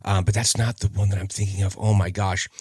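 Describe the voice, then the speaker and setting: A man's voice: deep voice, little pitch movement, fast talker, a little mellow, husky, no room sound, studio quality. A man in his forties hosting a casual solo podcast, chatty and rambling, often trailing off while he searches for names. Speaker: podcast host.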